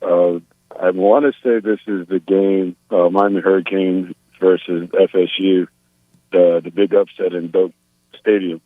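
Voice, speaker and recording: A man calling a radio show from his car, sounding relaxed and drowsy. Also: deep voice, measured pace, no room sound. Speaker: caller. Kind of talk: phone call to a radio show. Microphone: phone. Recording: tinny phone line.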